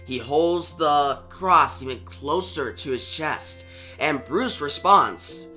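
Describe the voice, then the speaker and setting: Slow, bright-voiced man reviewing comics. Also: a little high, animated, soft background music. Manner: plain retelling with fillers and asides to viewers. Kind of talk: casual video review, retelling a story.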